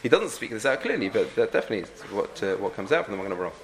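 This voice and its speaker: A man's voice: on the low side, sing-song, very fast, background noise. A man teaching a halachic lesson, thinking aloud with frequent restarts and many Hebrew and Yiddish terms. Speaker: Torah teacher.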